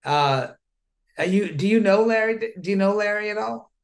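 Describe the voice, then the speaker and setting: Comedian guy interviewing on stage, voice a bit on the high side, easygoing. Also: moderate pace. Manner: relaxed, reads audience questions. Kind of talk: onstage interview.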